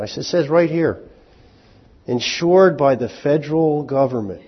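Husky preacher in a reverberant hall. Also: male voice, mid-range voice, moderate pace, some chatter behind. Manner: animated, jumps from hushed to loud in sudden bursts; joking, conversational preaching. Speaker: pastor. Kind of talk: sermon. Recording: long hall reverb, dull lo-fi sound.

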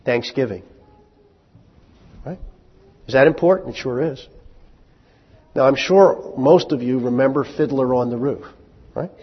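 Man, pastor, sermon, mid-pitched voice, raspy, chatty rhetorical questions, dull lo-fi sound. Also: big-room sound. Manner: conversational, asks the congregation rhetorical questions; acts out short dialogue in quick voices. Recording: muffled lo-fi recording.

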